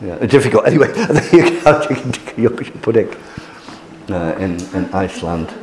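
A man's voice: fairly low pitch, expressive, moderate pace. A man giving an informal lecture to a class, hesitant with many restarts and fillers, chuckling at his own jokes. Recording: roomy hall echo.

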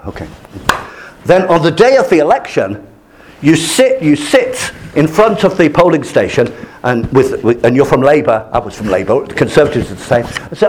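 Casting: older male lecturer, slightly high voice, very animated delivery, storyteller. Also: moderate pace, a little hiss or hum. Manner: lively, storytelling, acts out quoted voices. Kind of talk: classroom lecture.

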